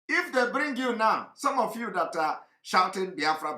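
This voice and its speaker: A man giving impassioned political commentary, fervent and repetitive, often breaking into shouts. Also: sits high, big pitch swings, normal speed, few pauses. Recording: echoey room.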